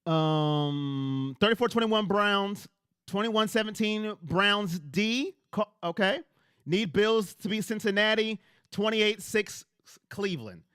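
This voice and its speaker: A man's voice: high-pitched, slow pace, a bit bright, clean tone, no echo, clean studio sound. A man hosting a casual fan livestream on a headset mic, talking emphatically and repeating himself as he speaks straight to his chat.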